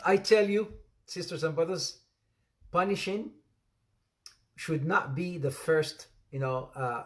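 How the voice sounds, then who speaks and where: A man giving an interactive religious lesson, repeating phrases for emphasis, calling on students by name and joking with playful asides. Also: a little high. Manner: laughs often, playful asides. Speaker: Islamic teacher.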